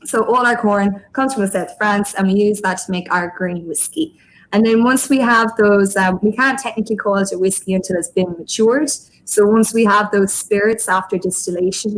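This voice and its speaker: A woman's voice: mid-range voice, rough recording. A woman with an Irish accent, a guest explaining whiskey in a chatty livestream tasting, talking in long loose runs with fillers over a video call. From Ireland.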